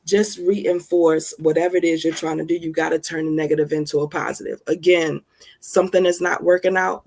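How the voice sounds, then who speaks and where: Woman, motivational talk, emphatic, folksy, gravelly edge. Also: low-pitched, level tone, fairly quick, darkish tone. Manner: emphatic and folksy, calls listeners honey. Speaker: self-help speaker.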